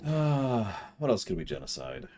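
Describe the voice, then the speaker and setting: Male streamer, deep and gravelly, swings his pitch widely, jokey commentary. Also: normal speed, soft background music. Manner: jokey, excitable, with mock disbelief. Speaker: streamer playing a video game. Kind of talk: casual live-stream commentary.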